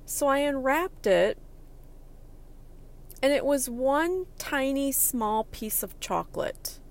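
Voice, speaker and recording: A middle-aged woman telling a personal anecdote in an animated, chatty way, with fillers and restarts. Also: high-pitched, slow pace, gravelly, slight background noise.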